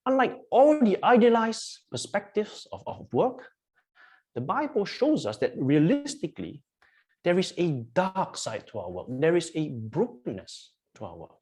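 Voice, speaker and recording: A preacher delivering a sermon in a slightly husky voice. The pitch swings widely as points are stressed and repeated, and rhetorical questions are put to the congregation. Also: very animated, unhurried, darkish tone. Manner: emphatic, repetitive, asks the congregation questions. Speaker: pastor. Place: church.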